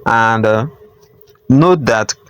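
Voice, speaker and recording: A man hosting a step-by-step tutorial, repeating himself and filling pauses with "uh" as he explains. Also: mid-range voice, a bit bright, clean tone, no room sound. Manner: repetitive, filler-heavy, instructive. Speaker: tutorial host.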